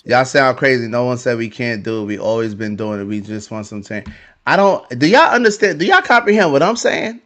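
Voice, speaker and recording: A man's voice: mid-range voice, animated, a little fast, a bit bright. A man hosting a heated podcast debate, arguing and repeating himself. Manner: argumentative, repeats phrases.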